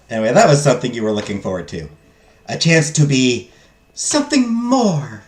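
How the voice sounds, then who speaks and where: A man reads a text game's narration aloud, breaking off for jokey, self-deprecating asides to his viewers. His pitch swings in a lively, animated way. The room sounds echoey, with faint music playing behind. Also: a little fast. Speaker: streamer playing a text game. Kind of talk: let's play, reading game text and chatting with viewers. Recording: roomy echo, faint game music.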